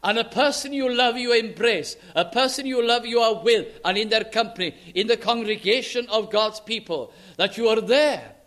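A man's voice: very high-pitched, moderate pace, few pauses, a bit bright. A man preaching an earnest sermon, quoting scripture in old-fashioned English and building to emphatic passages.

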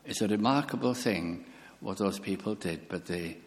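A man preaching a sermon slowly and earnestly, lifting his voice on key words. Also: on the low side. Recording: long hall reverb.

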